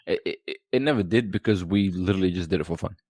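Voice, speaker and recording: Gravelly low-voiced man, rambling chat. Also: quick pace, no room sound. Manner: relaxed, rambling, lots of fillers and restarts. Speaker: podcast guest. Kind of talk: casual chat.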